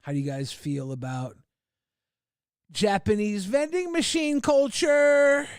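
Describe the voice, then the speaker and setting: A man talks loosely and profanely to his stream audience, laughing at the clips he's watching. His voice sits a bit high, and it's recorded dry and close with no room around it. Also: slow, clean tone, no room sound. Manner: crude, laughing, puts on silly voices. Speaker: livestream host reacting to videos. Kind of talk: casual profane chat.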